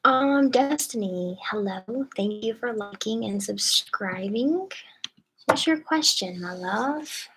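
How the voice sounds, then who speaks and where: A woman's voice: medium pitch, animated, takes it slowly, a bit bright, slight background noise, poor audio. A woman reading tarot on a live stream from a hotel room, chatting casually and playfully with viewers in slangy talk and laughing often.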